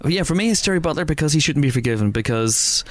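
A man's voice: a little high, lively intonation, fast, dry recording. A man, a podcast host in casual, jokey chat, rambling with restarts. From Northern Ireland.

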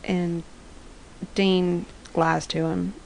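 A woman's voice: lowish voice, little pitch movement, drawn-out words, vocal fry, slight background noise, poor audio. A woman co-hosting a fan podcast in a laid-back way, sharing research from her notes and recapping scenes. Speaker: podcast co-host. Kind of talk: casual fan podcast chat.

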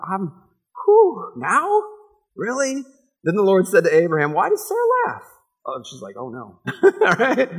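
A man's voice: on the high side, fairly bright tone, husky. A man in his forties preaching a casual, conversational sermon, laughing often and acting out the people in the story. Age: 40s. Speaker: pastor.

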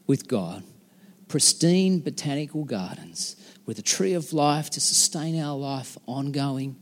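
A man preaching a conversational, emphatic sermon with dramatic pauses as a pastor. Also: medium pitch, husky. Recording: long hall reverb.

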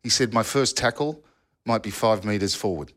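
A former footballer telling old yarns in a casual podcast chat, rambling with restarts and asides. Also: male voice, fairly low pitch, moderate pace, a bit bright. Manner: rambling storyteller with restarts and "you know". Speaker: football pundit, former player.

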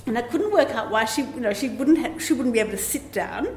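A woman's voice: fairly high pitch, lively intonation, fast, a little hiss or hum. A woman, telling a personal story live in a chatty, rambling way. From Australia. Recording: echoey room with faint ambience.

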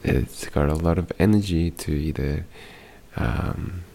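A man hosting a casual podcast monologue, talking quietly with frequent ums so as not to wake others at home. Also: rumbling low, measured pace, creaky. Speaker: podcast host. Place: home at night, others sleeping nearby.

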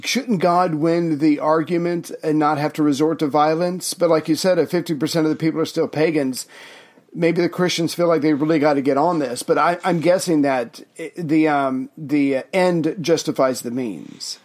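Easygoing man, fairly high voice. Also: fairly even intonation, moderate pace, darkish tone. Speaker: podcast co-host. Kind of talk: casual chat.

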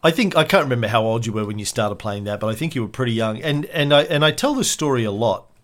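Male podcast host, conversational storyteller, quick and loose delivery. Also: mid-range voice, animated, a bit bright. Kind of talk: casual podcast chat.

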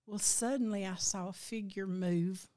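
An older woman tells a personal dream in a slow, reflective way, her voice sometimes breaking with emotion. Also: medium pitch, fairly even intonation, warm tone. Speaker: guest recounting a dream.

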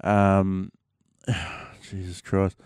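Laid-back Australian man, smooth voice. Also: low voice, completely flat delivery, extremely slow, a little mellow, no echo, studio quality. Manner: rambling, laid-back, slangy with many fillers. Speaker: vlogger. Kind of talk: casual chat to camera.

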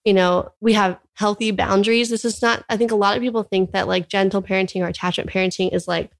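A woman's voice: medium pitch, fairly even intonation, quick pace, gravelly. A young woman from California, a podcast guest, explaining her views earnestly in a casual interview and filling her long sentences with "like". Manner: earnest, talks in long runs peppered with "like".

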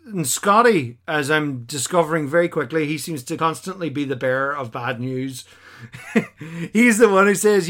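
A man hosting a casual podcast chat, animated and acting out quotes in silly voices. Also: fairly high pitch, moderate pace. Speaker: podcast host.

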